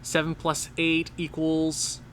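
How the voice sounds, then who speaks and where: A man giving casual, excitable gameplay commentary, talking straight to the game as he plays. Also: on the high side, slow pace, slight background noise. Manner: excitable, talks to the game and players. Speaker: gaming channel host.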